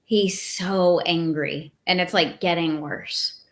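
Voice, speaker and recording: Woman, podcast co-host, frank casual talk, fairly low voice. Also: steady tone, slow pace, fairly bright tone. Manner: casual, frank, heavy on filler words. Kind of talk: casual chat.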